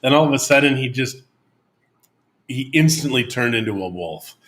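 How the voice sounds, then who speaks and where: Man, co-host, casual chat, animated storyteller, lively pitch. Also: normal speed. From living in Mexico. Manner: storytelling, acts out his dog in goofy voices. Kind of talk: casual live-stream chat.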